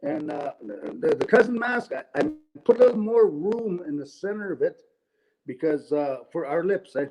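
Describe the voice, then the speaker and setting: A man's voice: sits high, animated, normal speed, creaky, rough recording. A middle-aged man from Canada doing rambling stand-up storytelling at home on a webcam, tossing in tag questions and chuckling at his own jokes. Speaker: comedian. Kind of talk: stand-up storytelling for an online event. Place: at home indoors.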